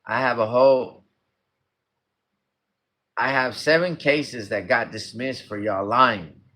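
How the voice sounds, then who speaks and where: A man on a livestream, his voice bright and forceful. He reads a report aloud and keeps cutting in with blunt, profane, combative remarks. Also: medium pitch, takes it slowly. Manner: profane, combative, talks over the text he reads. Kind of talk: reading a report aloud with commentary.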